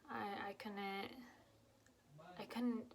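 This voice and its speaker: A young woman telling her own painful story to camera, halting and emotional, with many fillers and restarts, dropping to a whisper at the hardest parts. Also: medium pitch, little pitch movement, gravelly, crowd noise. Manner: drops to whispers at painful moments.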